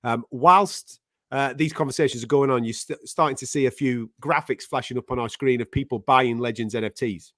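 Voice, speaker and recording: A man's voice: medium pitch, fairly quick, fairly bright tone, no echo, studio quality. A man with a Mancunian accent hosting a live show, talking in casual, laddish banter. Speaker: host.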